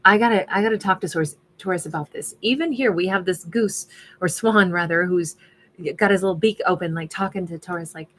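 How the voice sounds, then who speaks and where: A woman's voice: on the low side, fairly quick, fairly bright tone, a little hiss or hum. A woman doing a casual tarot reading who thinks aloud and is losing her voice. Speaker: tarot reader.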